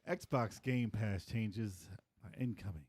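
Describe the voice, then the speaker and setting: A man's voice: extremely slow, slightly rough, no echo. A man co-hosting a video game podcast, chatting casually, laughing often and acting out quotes. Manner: animated, laughs often, acts out quotes in a high voice. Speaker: podcast co-host. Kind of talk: casual chat.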